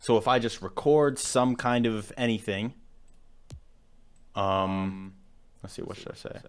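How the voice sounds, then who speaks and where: A man's voice: fairly low pitch, measured pace, long pauses, smooth. Chatty man rambling on a stream. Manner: rambling, self-interrupting, laughing at himself. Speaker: music producer hosting a live sound design stream. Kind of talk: casual live-stream tutorial.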